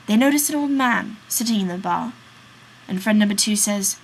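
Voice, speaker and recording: A woman's voice: medium pitch, a little hiss or hum, poor audio. A woman narrating a classic tale in a read-aloud story summary. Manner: slow, storytelling.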